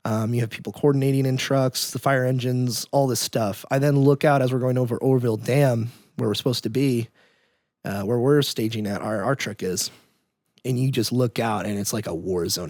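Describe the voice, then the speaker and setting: A man's voice: mid-range voice, darkish tone, no room sound. Young male storyteller, casual and rambling, mid-range voice, dry close sound. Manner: loose and rambling, with many restarts and fillers. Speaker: podcast guest telling a story.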